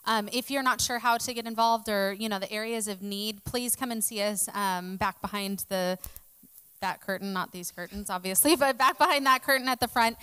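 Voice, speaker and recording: A woman's voice: mid-range voice, moderate pace, clean tone, in a large hall, low-quality recording. A woman earnestly encouraging church members to volunteer during announcements. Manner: earnest, encouraging, soft fillers.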